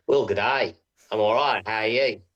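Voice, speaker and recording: A man's voice: lowish voice, normal speed, highs cut off, lightly acted. A man voicing a charming village blacksmith with an Australian accent, giving dry, literal-minded answers. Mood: teasing. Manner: deadpan, literal-minded replies.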